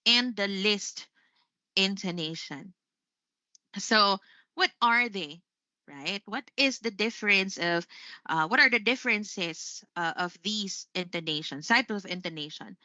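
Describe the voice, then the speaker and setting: A woman's voice: medium pitch, sharp tone, dry recording, lo-fi sound. A Filipino woman hosting a live English lesson, chatty, tagging "right?" onto most of her points. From Philippines.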